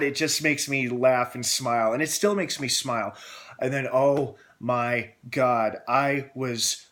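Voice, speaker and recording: A young man hosting a casual film review, excitable and gushing, acting out scenes as he retells them. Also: medium pitch.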